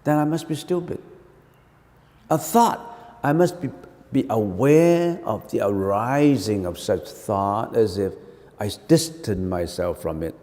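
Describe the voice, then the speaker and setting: A Buddhist monk gives a dharma talk on meditation. His voice is mellow, and his pitch rises and falls in a lively way. He keeps asking rhetorical questions and repeating phrases, and a long reverb from a large hall trails every word. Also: slow. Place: temple hall.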